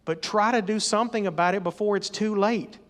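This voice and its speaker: A man's voice: high voice, a little fast. Emphatic middle-aged male preacher. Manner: emphatic, rising to loud exhortation. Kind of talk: sermon. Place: church or meeting hall.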